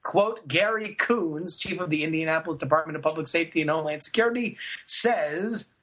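A man co-hosting a podcast, reading news out loud with wry asides in a casual chat. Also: fairly high pitch, a little fast. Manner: wry, reads out news quotes with running asides. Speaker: podcast co-host.

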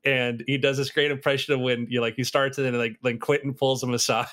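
Rambling animated man chatting. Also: medium pitch. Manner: rambling, animated, does quick impressions. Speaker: writer. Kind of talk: casual podcast chat.

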